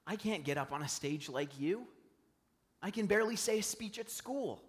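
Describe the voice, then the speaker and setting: A man's voice: high voice, lively intonation, normal speed, big-room sound, voice pushed up. A man voicing a hesitant, self-doubting churchgoer. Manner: hesitant, protesting.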